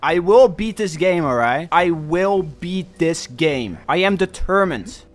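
A young man commentating his own gameplay, excitable and swinging between panic and cocky boasting. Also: on the high side, slow pace, faint music behind. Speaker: gaming streamer.

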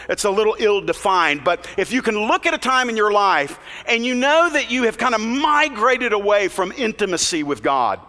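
A man's voice: high-pitched, pushed and bright. A man preaching a sermon as pastor, earnest and plain-spoken with conversational asides. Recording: long reverb of a large hall.

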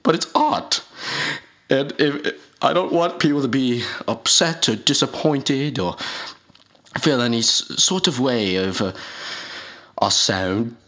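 Here a man's mid-range voice, bright and forceful with lively intonation, carries a mock-solemn rapper announcement in a comedy skit. He rambles and halts, restarting often and leaning on fillers.

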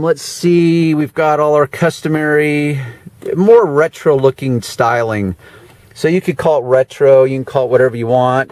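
A man talks a camera through a car's features in a loose, conversational way, full of ums and dry sarcastic asides. His voice sits at an ordinary middle pitch. The sound is dry, with no room echo. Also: a little mellow. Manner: chatty, dry sarcastic asides, frequent fillers. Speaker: car detailer giving a walkaround tour. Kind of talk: casual handheld car walkaround. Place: in and around a parked car.

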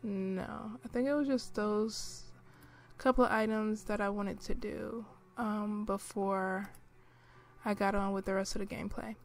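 A woman narrating her life-simulation gameplay in a relaxed, chatty way, with lots of fillers, clearing her throat now and then. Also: medium pitch, a little slow. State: clearing throat, hiccuping and coughing. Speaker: gameplay commentator.

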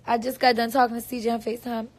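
A woman's voice: a little high, flat delivery, rapid-fire, darkish tone. A young woman chatting casually on a livestream, playful and rambling, with silly noises thrown in. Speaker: singer livestreaming on tour.

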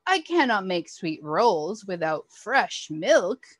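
A woman's voice: mid-range voice, sing-song, slow pace, no echo, clean studio sound. A woman voicing a humble, desperate male baker who pleads and cries out, as she reads a picture book aloud to children. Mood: worried.

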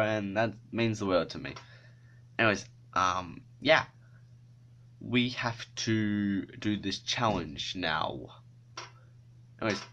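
A man's voice: lowish voice, pushed and bright, a little hiss or hum. A male YouTuber in casual vlog chat, self-mocking and swearing freely.

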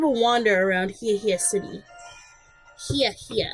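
A woman's voice: mid-range voice, a little slow, soft background music, rough recording. A woman giving casual, blunt gameplay commentary, joking and swearing freely. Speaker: let's play host.

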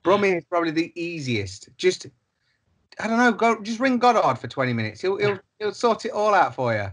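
Husky, lively storyteller man. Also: high voice, fairly quick. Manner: animated storyteller, swears freely, acts out quoted characters. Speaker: podcast co-host. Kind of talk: casual chat.

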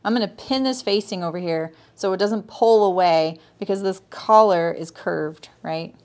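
A woman with a medium-pitched, darkish voice runs a live sewing tutorial at a moderate pace. She chats her way through each step, greets viewers by name and checks in with "right?".

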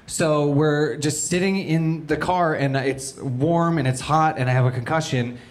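A man from Canada, a stand-up comedian telling a story live on stage, animated, with his voice jumping up when he gets excited. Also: fairly high pitch, measured pace. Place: live comedy venue with audience.

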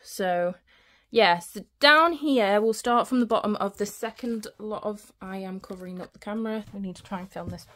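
A woman's voice: medium pitch, moderate pace, a bit bright. A woman giving a casual home library tour, out of breath and chatty, often stumbling over her words while holding the camera. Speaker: book vlogger. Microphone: handheld camera.

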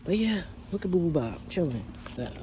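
A young man chatting straight to his viewers in a casual vlog, emotional and animated as he moves through a dorm and around a college campus. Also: fairly high pitch, brisk. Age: young adult. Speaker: vlogger. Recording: phone vlog with background noise.

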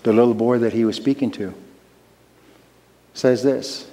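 Slow, emphatic male preacher. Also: mid-range voice, fairly even intonation, dark tone. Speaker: pastor. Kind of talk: sermon. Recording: long reverb of a large hall.

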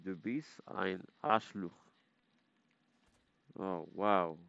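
A man's voice: deep voice, fairly even intonation, drawn-out words, gravelly, a bit bright, dry recording, highs cut off. A man streaming a game, casually chatting and playfully repeating foreign words to practice them. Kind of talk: casual gaming live-stream chat.

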